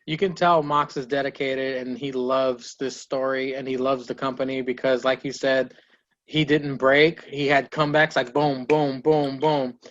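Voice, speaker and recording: A man's voice: mid-range voice, fairly even intonation, moderate pace, fairly bright tone, lo-fi sound. A man hosting a casual podcast, recapping wrestling in a loose, swearing play-by-play and mimicking the wrestlers. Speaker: podcast host.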